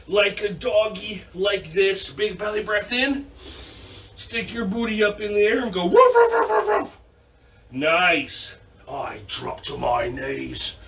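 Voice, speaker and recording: A man's voice: high voice, bright, forceful tone. A man leading a children's yoga class, giving playful, upbeat instructions and making silly animal sounds, recorded on a distant camera mic. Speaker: kids' yoga teacher. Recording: distant mic, faint background noise.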